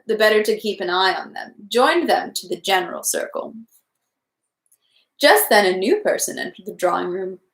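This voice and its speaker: Woman reading a novel aloud, echoey. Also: mid-range voice. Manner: careful, stumbles over French words. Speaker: reader. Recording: echoey room.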